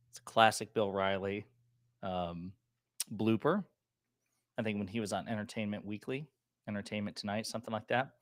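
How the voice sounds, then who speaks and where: A man hosting a political commentary livestream, chatting casually and reading viewer comments, with a lingering cough that makes him clear his throat. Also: on the low side, fairly even intonation, normal speed, long pauses, no room sound, clean studio sound. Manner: loose, chatty and joking.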